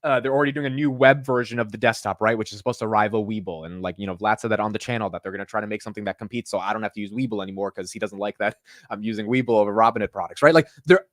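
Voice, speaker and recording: A man hosting a stock market show, rattling off his thoughts quickly in loose, slangy casual chat. His voice sits at an ordinary pitch and is recorded close and dry, with no room sound. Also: dry recording. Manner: fast, animated, casual with slang and restarts. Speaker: host.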